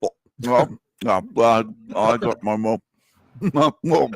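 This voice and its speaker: A man's voice: fairly low pitch, expressive, slow pace, vocal fry, no room sound, pitched below the performer's own voice, full character voice. A man putting on the voice of a panelist talking through a mouthful of food, muffled and stammering. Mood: apologetic.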